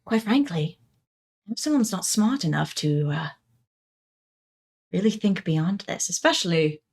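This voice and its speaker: A woman voicing the deep dark, a smug, sinister entity, in a tabletop game. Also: big pitch swings, measured pace, vocal fry, slightly rough, exaggerated voice. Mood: mocking. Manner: mocking, condescending.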